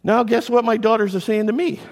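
A middle-aged male pastor preaching a sermon in an animated way, repeating words and adding quick asides. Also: very high voice, gravelly, big-room sound.

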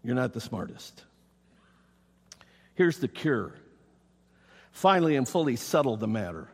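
A man's voice: mid-range voice, very animated, measured pace, slightly rough. A man preaching a sermon as pastor to his congregation, reading scripture aloud and speaking directly to the people. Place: church. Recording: reverberant hall.

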